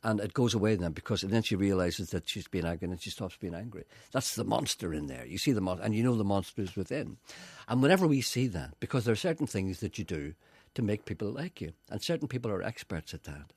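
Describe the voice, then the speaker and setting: An older radio presenter, rambling through stories and leaning on "you see". His voice sits low but swings widely in pitch, and he talks fast with a husky edge. The sound is close and dry. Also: lively intonation, no room sound. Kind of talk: casual chat.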